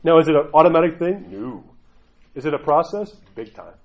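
A man's voice: a little high, fairly quick, dull audio. A middle-aged man, an Orthodox Christian clergyman, giving casual spiritual talk and often asking "right?". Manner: conversational, keeps asking "right?"; acts out quoted voices.

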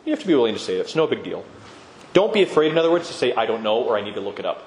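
A man's voice: medium pitch, very animated, racing, a little mellow, a little hiss or hum. A man giving a conversational sermon-style talk on Orthodox Christian living, acting out quoted voices as he goes. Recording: echoey room with long reverb.

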